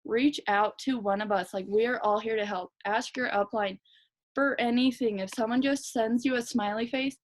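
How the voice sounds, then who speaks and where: A young woman team leader giving a fast, chatty, energetic motivational talk to her team. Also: fairly high pitch. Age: young adult. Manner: fast, chatty, energetic, lots of "like" and "you guys". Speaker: direct sales team leader.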